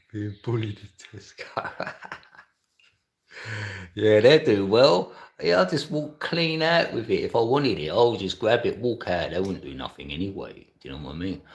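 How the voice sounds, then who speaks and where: A man's voice: lowish voice, vocal fry. A middle-aged man, chatting casually and laughing often as a livestreamer reads and answers his chat. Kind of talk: casual live stream chat.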